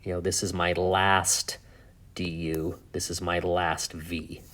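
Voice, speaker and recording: A man teaching a math lesson in a relaxed, chatty way, thinking aloud with fillers and asides. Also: deep voice, measured pace. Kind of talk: casual whiteboard lesson.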